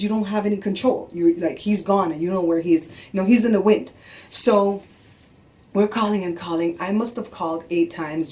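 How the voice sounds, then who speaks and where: A middle-aged woman vlogging, telling a story in a casual, animated and exasperated way and acting out what people said. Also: mid-range voice, a little hiss or hum. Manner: animated, exasperated, acts out quotes.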